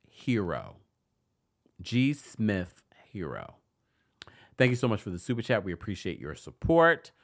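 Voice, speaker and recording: Lively male live-stream host. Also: mid-range voice. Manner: animated, laughs often, reads super chats aloud. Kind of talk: live-stream talk and call-in.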